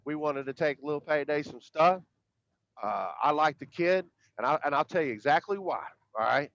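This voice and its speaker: A man's voice: fairly high pitch, expressive, normal speed, fairly bright tone, no echo. A man, co-hosting a podcast in casual, rambling chat, emphatic and profane, often repeating his words. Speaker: podcast co-host. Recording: dull, dry lo-fi sound.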